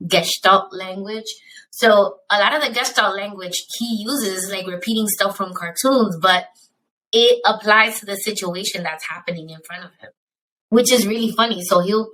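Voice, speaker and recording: Brief: woman host, middle pitch, bright and sharp tone, easygoing chatter. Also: slight background noise, rough recording. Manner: chatty, many "like" fillers. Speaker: podcast host. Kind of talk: casual podcast conversation.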